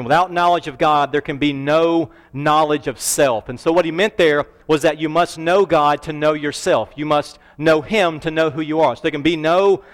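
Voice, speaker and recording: A male pastor preaching a sermon earnestly, slowing down to stress key phrases. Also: a little high. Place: church sanctuary. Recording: reverberant church hall.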